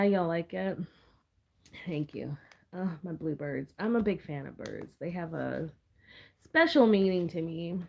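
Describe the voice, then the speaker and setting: A hoarse, out-of-breath woman chatting casually to her viewers as she works on a planner, drifting into soft mumbles. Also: low voice. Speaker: planner vlogger.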